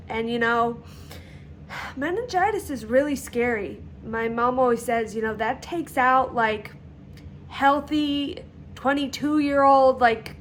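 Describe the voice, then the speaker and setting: A woman telling her own story in a vlog, candid and halting, with frequent fillers and pauses as she recalls events. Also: mid-range voice, fairly bright tone, slight background noise.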